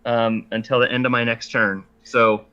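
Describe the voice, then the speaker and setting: A man's voice: medium pitch, level tone, moderate pace, pushed and bright, clean tone, lo-fi sound. A man playing a tabletop game, talking casually and hesitantly as he works out and describes his character's attack. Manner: hesitant, with many fillers and restarts while describing his move. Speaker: player.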